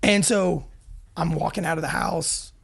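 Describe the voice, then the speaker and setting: Gravelly, husky man telling stories. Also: a little high, fairly bright tone. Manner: rapid, self-deprecating, frequent restarts. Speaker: podcast guest. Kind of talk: animated storytelling, casual and profane.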